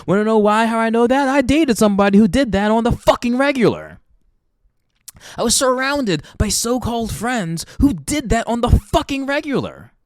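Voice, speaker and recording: A young adult woman sits close to the mic in a dry, dead-sounding space and rants with open, frequent swearing. Her voice sits high and leaps all over its range as she builds to emphatic peaks. She talks as a podcast host in an impassioned monologue. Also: very animated, moderate pace, darkish tone, dry recording. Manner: heavy swearing, emphatic ranting.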